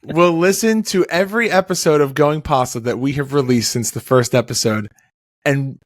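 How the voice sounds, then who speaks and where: A man's voice: fairly high pitch, moderate pace, dry recording. Give me a man co-hosting a podcast, teasing and dry, with a dry close recording. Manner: teasing, deadpan ribbing. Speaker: podcast co-host and editor. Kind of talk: casual chat.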